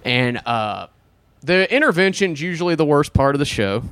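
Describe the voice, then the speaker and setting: Casual podcast host, a man with a lively, swooping delivery, dry close sound, loose and sweary. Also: a little high, moderate pace, smooth, no echo. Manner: rambling, profane, animated. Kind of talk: casual chat.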